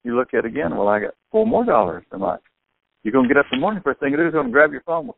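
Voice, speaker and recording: An older man, a store owner telling sales stories excitedly over a tinny phone line, acting out what people said. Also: mid-range voice, racing, vocal fry, a little hiss or hum. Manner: excitable storyteller, acts out quotes. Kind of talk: phone conversation.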